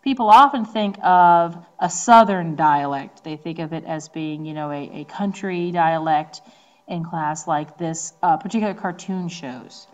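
A woman's voice: sits low, measured pace. Woman teacher explaining at an easy pace. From Northeastern United States. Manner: conversational explaining with frequent ums. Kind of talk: recorded classroom lecture.

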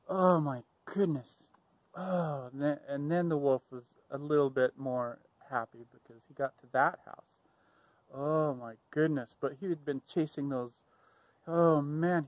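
A man's voice: fairly high pitch, no room sound, poor audio. Playful, rambling male storyteller. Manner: rambling, playful, self-correcting. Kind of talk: improvised storytelling.

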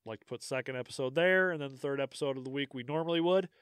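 Smooth-voiced American podcast host rambling. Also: male voice, medium pitch, very fast, fairly bright tone, dry recording, studio quality. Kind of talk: casual chat.

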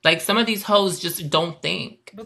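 A man's voice: high voice, unhurried, creaky, pushed and bright, husky. A man from the United States, a guest on a live stream, talking in a defensive, stammering way in casual chat.

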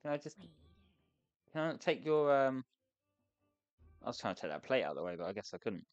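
Woman, young, gaming commentary, frantic, exasperated, swearing, bouncy pitch. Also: very animated, fairly quick, a little mellow, no room sound, muffled recording, soft background music. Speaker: gaming YouTuber. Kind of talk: let's play commentary.

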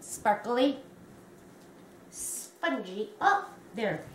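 A woman in her fifties, a crochet vlogger, gushing and exclaiming excitedly as she unboxes a gift on camera. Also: a little high, drawn-out words. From Canada. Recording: echoey room with faint noise.

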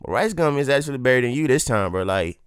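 A man's voice: mid-range voice, lively intonation, quick pace, clean tone, no room sound, clean studio sound. A man hosting a reaction video, talking casually with constant swearing and street slang. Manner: loose, swearing, slangy, laughs at the track. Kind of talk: casual profane reaction commentary.

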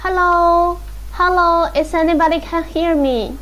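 A woman with a Chinese accent hosting a live-stream sales presentation in English, halting and repeating her greetings. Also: very high-pitched, steady tone, a bit bright, poor audio. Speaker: livestream sales host.

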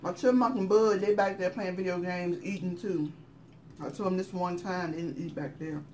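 A woman's voice: on the low side, fairly even intonation, normal speed, darkish tone, slight background noise. A woman with a Southern US accent chatting casually as she eats on camera, talking through bites and laughing often. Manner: chatty, laughing, talks while chewing. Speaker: mukbang channel host. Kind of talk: casual chat while eating.

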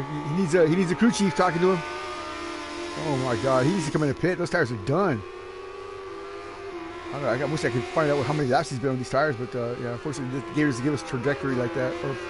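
남자 심레이싱 해설자, 들뜨고 농담 많은 말투, 약간 높은 목소리, 잡음이 뚜렷한 녹음. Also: male voice, fairly high pitch. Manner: excitable, joking, laughs often. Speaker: race commentator. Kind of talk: casual sim racing commentary. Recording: noisy background.

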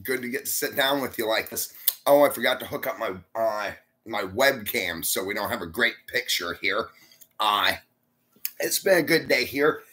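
A man's voice: fairly low pitch, lively intonation, moderate pace, pushed and bright. A sleepy man, chatting to camera in a rambling, folksy vlog. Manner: rambling, folksy, uses y'all. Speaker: vlogger. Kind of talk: casual chat to camera.

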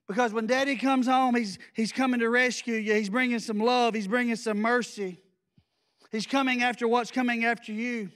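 Intense high-voiced man preaching. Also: steady tone, normal speed, fairly bright tone. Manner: intense, blunt and folksy. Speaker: pastor. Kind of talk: sermon. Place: church.

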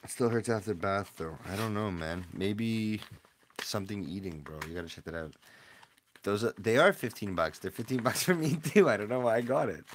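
Opening card packs on a casual livestream from his room at home, a young man with a slightly low voice trades laid-back, slangy banter with his chat at a normal speed. His quiet mumbling now and then erupts into a sudden loud yell, and there's a little hiss or hum in the audio.

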